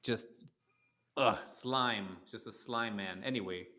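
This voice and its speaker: A man's voice: on the low side, slow, sharp tone. A man co-hosting a casual political livestream, talking in a brash, crude, joking way. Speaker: livestream co-host.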